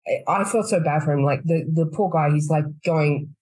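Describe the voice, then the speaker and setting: Woman podcast co-host, husky, loose rambling storyteller. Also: deep voice, moderate pace, darkish tone, poor audio. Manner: rambling storyteller, swears freely, trails off and restarts. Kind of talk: casual chat.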